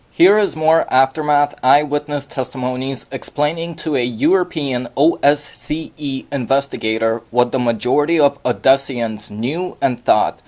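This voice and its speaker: A man reads a scripted voice-over at a middling pitch. His delivery is measured and explanatory, and he walks through each point in order. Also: darkish tone. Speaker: narrator.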